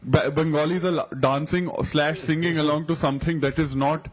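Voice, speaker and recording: A young man with a somewhat high voice, hosting a comedy podcast. He riffs in sarcastic, profane rants, loose and chatty. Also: fairly even intonation, brisk. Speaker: podcast host. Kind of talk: casual comedic chat.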